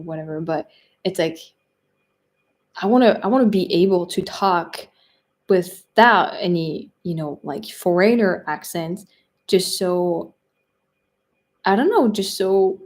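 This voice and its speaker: A woman's voice: on the low side, a little mellow. A young woman from France with a French accent, hosting a casual livestream and chatting loosely with viewers, full of fillers and little laughs. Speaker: livestream host reading viewer chat. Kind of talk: casual live-stream chat.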